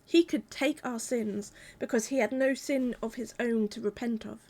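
A woman delivering a sermon in a calm, measured, reflective way. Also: a little high. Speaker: preacher.

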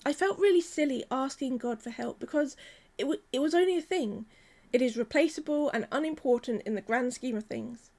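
A woman, preaching a sermon in a gentle, measured, earnest way. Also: high voice.

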